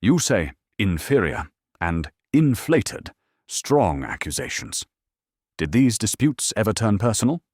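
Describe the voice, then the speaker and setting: A fastidious Belgian detective weighs every word, formal and exacting, as a man performs him. The voice sits low but moves expressively through each phrase. It is recorded dry and close. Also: big pitch swings, a little mellow, breathy edge, dry recording, exaggerated voice. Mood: probing. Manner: measured and exacting, formal address. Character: fastidious Belgian male detective, precise, calm.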